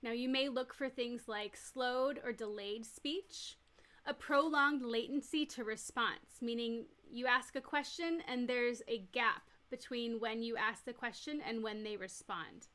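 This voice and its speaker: Bright-voiced woman teaching nurses. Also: fairly high pitch, measured pace. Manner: clear, step-by-step explaining with everyday examples. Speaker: nurse educator. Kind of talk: recorded teaching lecture.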